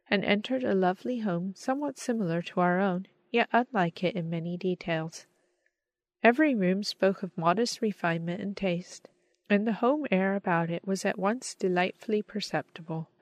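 A woman reading a story aloud as narrator, in a measured, expressive storytelling manner. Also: mid-range voice, dry recording. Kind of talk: scripted audiobook narration.

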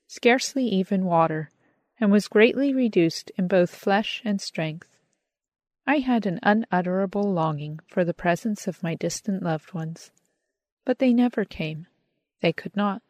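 A woman calmly reading a first-person audiobook narration in a measured, earnest manner. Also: mid-range voice, no echo. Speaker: audiobook reader.

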